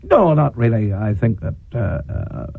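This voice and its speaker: A Northern Irish man, a politician and preacher, giving a forthright, deliberate radio interview with frequent chuckles. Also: mid-range voice, very animated, gravelly, breathy edge. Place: radio studio. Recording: dry tinny 1980s radio broadcast.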